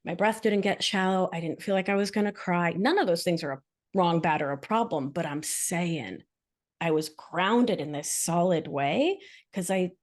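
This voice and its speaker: A woman guest in an interview, talking expressively about her practice and telling animated stories. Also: fairly low pitch, normal speed. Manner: expressive, animated storytelling with acted quotes. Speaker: guest, somatic practitioner and author. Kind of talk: casual interview chat.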